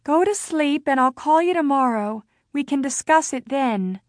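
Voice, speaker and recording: A woman reading an audiobook voices a mother who is a therapist, speaking in a measured, soothing professional manner. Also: sits high, expressive, no echo, clean studio sound, pitched above the performer's own voice.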